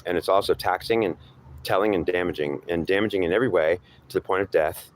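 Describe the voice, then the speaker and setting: A man's voice: sits low, fast talker, slight background noise. A man delivering an improvised spoken monologue, rambling and philosophizing, often repeating himself as he goes. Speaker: storyteller.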